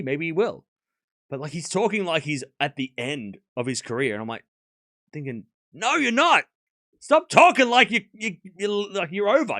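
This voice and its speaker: Man, stream host, casual tennis commentary, rambling restarts, quick play-by-play calls, lively swooping pitch, dry close sound. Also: dry recording. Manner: animated, rambling, repeats words while restarting sentences. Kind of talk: casual livestream watchalong commentary.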